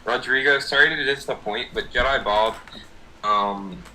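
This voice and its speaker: A man's voice: medium pitch, measured pace, sharp tone, a little hiss or hum, poor audio. A young man in casual livestream chat, laid-back, reading out chat messages. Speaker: livestream co-host.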